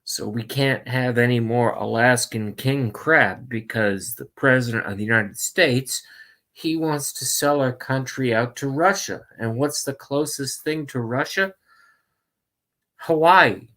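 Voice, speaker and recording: Brief: man doing a slow, wandering old male politician, free-associating, mid-pitched. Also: pushed and bright. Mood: rambling. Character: rambling, confused elderly male politician. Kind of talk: comic impression on a livestream.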